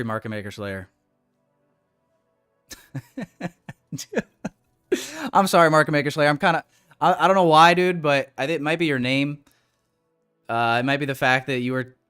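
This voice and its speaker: A man's voice: mid-range voice, a bit bright, smooth. A young man hosting a trading livestream, ranting casually and profanely at his chat with big swings in energy.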